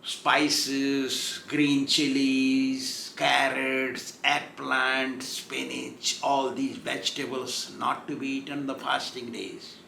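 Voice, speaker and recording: A man's voice: medium pitch, flat delivery, takes it slowly, vocal fry, hardly any pauses, pushed and bright, a little hiss or hum. A man giving a storytelling sermon as a spiritual teacher, chuckling as he goes and acting out the voices in the story. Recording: echoey room.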